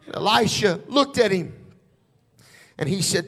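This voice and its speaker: High-voiced preacher storytelling with dramatic force. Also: male voice, lively intonation, a little slow, long pauses, breathy edge. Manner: dramatic storytelling, building to shouts. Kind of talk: sermon.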